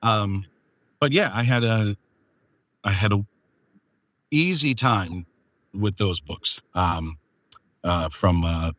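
A male podcast host with a lowish voice who rambles through his questions, full of fillers and quick laughs. The sound is dry and close, with almost no room. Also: fairly bright tone, dry recording. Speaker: podcast host and audiobook producer. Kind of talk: casual interview chat.

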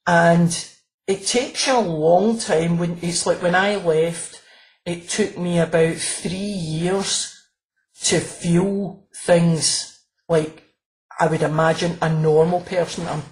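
A woman's voice: on the low side, fairly even intonation, slow pace, low-quality recording. A woman, a crime author and former police officer, chatting in an interview, often restarting sentences and laughing as she tells stories. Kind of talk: casual interview chat.

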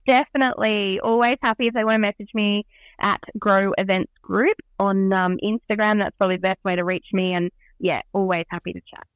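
A woman's voice: medium pitch, steady tone, fairly quick, no room sound, dull audio. A woman being interviewed as an event organiser, chatting in an upbeat, enthusiastic way with lots of "um"s. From Australia. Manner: bubbly, enthusiastic, many "um"s. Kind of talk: casual interview chat.

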